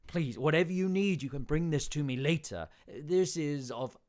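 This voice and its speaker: A man's voice: a little high, animated, moderate pace, voice pushed up, lightly acted. A man playing a harried, short-fused town speaker. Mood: pleading, flustered. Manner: agitated, snapping, shouting.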